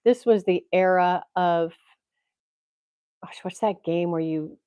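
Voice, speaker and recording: A livestream host from Tennessee chats casually from home, rambling and laughing often. This time her voice is lowish, dark and smooth, with a slow pace. The computer mic picks up no room sound at all.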